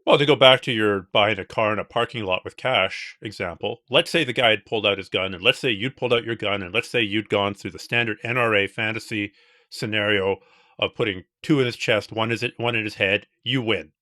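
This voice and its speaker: A man hosting a podcast, talking through hypotheticals in an animated, casual way. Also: lowish voice, fairly quick, no room sound, studio quality. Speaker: podcast host. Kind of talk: casual interview talk.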